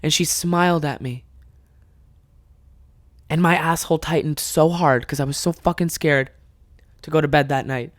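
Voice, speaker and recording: A young man hosting a solo comedy podcast, telling an animated personal story with plenty of swearing and laughter. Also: fairly high pitch, moderate pace, long pauses, no room sound, clean studio sound.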